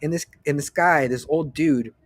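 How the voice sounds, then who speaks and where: Speaking at a normal pace in a voice on the high side, with no echo, a man in his late 30s to early 40s hosts a casual solo podcast update. His talk is profane and meandering, and he frequently cuts himself off partway through sentences.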